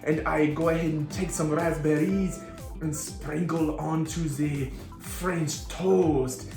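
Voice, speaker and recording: A man's voice: fairly high pitch, steady tone, takes it slowly, creaky, a little mellow, roomy sound, soft background music. A man hosting a children's cooking demonstration, talking playfully and tossing in mock-French exclamations. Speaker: children's show host.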